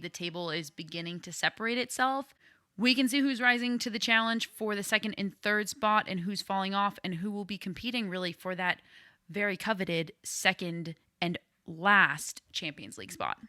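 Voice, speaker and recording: A woman hosting a casual sports podcast, upbeat and playful. Her voice is bright and forward, recorded close and dry with no room sound. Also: mid-range voice, normal speed, no echo. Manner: enthusiastic, playful. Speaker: podcast co-host.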